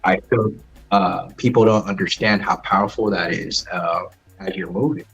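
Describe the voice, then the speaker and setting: A man's voice: deep voice, fairly even intonation, moderate pace, fairly bright tone, breathy edge, soft background music. A man calling in, a martial artist who speaks hesitantly with many filler sounds. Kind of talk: casual call-in chat. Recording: dull lo-fi call audio.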